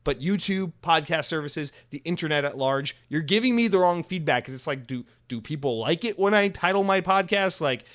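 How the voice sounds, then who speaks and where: A man's voice: on the high side, animated, normal speed, a bit bright. A man in his thirties hosting a solo podcast alone, rambling casually with sarcastic, profane asides.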